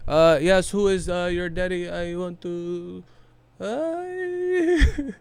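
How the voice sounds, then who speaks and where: A man doing a high, halting impression of a famous male boxer with a Filipino accent, stumbling over "uh" fillers. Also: vocal fry, a little mellow, clear, resonant tone, no echo, full character voice.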